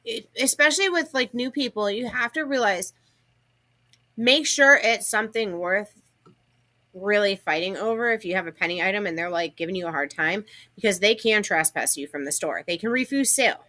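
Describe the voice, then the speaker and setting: A woman co-hosting a casual livestream, telling stories in a chatty, animated way. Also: mid-range voice, moderate pace. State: has the hiccups. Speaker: livestream co-host.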